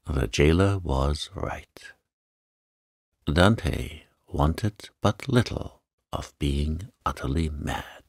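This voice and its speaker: A man narrating an audiobook in a calm, soft-spoken, soothing way meant to help listeners relax. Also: very deep voice, drawn-out words, no room sound, clean studio sound. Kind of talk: soft-spoken sleep-story reading.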